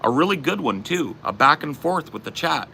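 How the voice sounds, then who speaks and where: A man's voice: on the high side, big pitch swings, moderate pace, creaky, sharp tone, slight background noise. A man with a general Californian accent, from the southern US, ranting sarcastically to his chat. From southern United States. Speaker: streamer. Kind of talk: casual live-stream chat.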